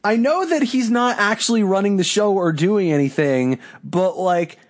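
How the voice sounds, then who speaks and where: A man's voice: high voice, expressive, normal speed. A young man co-hosting a podcast in casual chat, ranting with lots of profanity and exasperation. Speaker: podcast co-host.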